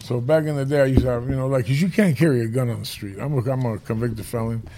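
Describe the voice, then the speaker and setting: A man's voice: mid-range voice, steady tone, quick pace, dark tone. A man telling prison stories in a casual chat, profane and streetwise, rambling from one tale to the next.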